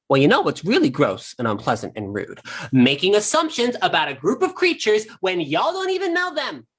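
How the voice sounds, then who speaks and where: A man's voice: high voice, huge pitch swings, normal speed, fairly bright tone, breathy edge, exaggerated voice. A man in a one-man stage monologue streamed online, playing a sassy, vain, profane trapped insect who talks straight to the audience. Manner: sassy, brash, addresses the audience directly.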